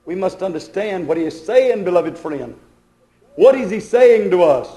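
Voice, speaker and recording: Man preaching with a high voice, rhythmic and dramatic, recorded in an echoey hall. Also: expressive, moderate pace, warm tone. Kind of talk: sermon. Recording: echoey room.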